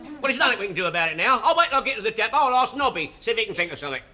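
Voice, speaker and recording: Man, jokey sitcom banter, bright tone. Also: sits high, big pitch swings, very fast. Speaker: sitcom character, bus driver son. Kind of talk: 1970s sitcom acting.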